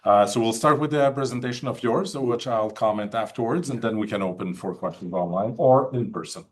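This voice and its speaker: A man's voice: medium pitch, fairly quick. A man with a Quebec French accent hosting and introducing a guest speaker, hesitant, with many fillers. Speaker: host, political science professor.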